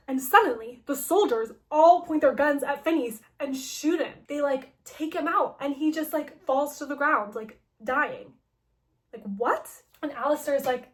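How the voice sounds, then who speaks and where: A woman's voice: high-pitched, lively intonation, moderate pace. A young woman casually recapping a story, chatty, with "like" in nearly every sentence. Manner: chatty, filler-heavy with constant "like".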